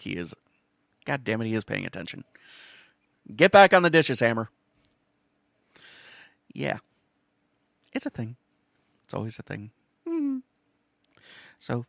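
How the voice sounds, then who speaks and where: A man's voice: on the low side, a bit bright, dry recording, studio quality. A man from Wisconsin hosting a cooking show alone, talking in a casual, rambling monologue that is profane and jokey, with stammers and self-mocking asides.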